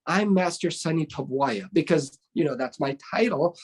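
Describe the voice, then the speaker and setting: A man's voice: on the high side, moderate pace, husky. A middle-aged man, a martial arts instructor, telling a story in a casual interview. He acts out the voices of the people in it and keeps asking "right?". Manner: animated, acts out quoted voices, often ends with "right?".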